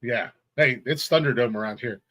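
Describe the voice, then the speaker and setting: A man's voice: medium pitch, moderate pace, crowd noise, rough recording. A middle-aged man, co-hosting a casual podcast and telling heated, profane stories with bursts of laughter. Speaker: podcast co-host. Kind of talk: casual chat.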